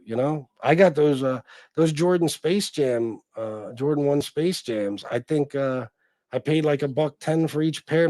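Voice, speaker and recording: A man's voice: medium pitch, warm tone, no echo, studio quality. A man hosting a casual livestream, talking bluntly and crudely and rambling with lots of fillers. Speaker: livestream host.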